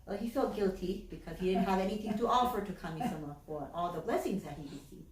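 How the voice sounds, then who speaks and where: A woman minister telling a story in a chatty, animated sermon in a church. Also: mid-range voice, fast, hardly any pauses. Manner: animated, chatty, with many fillers. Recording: echoey church from a distance.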